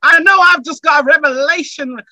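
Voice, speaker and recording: A woman's voice: sits high, moderate pace, no room sound, poor audio. A woman preaching a sermon, building from chatty asides to fervent, repeated declarations. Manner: rising to fervent shouts, repeating phrases.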